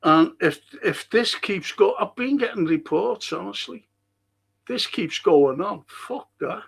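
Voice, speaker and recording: A man's voice: high voice, lively intonation, a little slow, gravelly, husky. A man hosting a rambling solo monologue, blunt, swearing and often restarting his sentences. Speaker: host.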